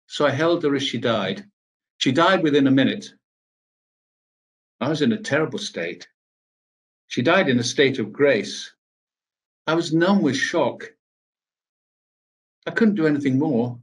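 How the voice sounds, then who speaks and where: An older man giving a speech, telling a personal recollection in a measured, grave way with pauses. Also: medium pitch, animated, slightly rough. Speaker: speaker at a veterans' event.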